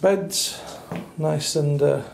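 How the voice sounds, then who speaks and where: A man's voice: on the high side, drawn-out words, gravelly, a little mellow. A man giving a chatty, wry walkthrough of a small hotel room for a travel review, with dry asides. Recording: echoey small room with faint noise.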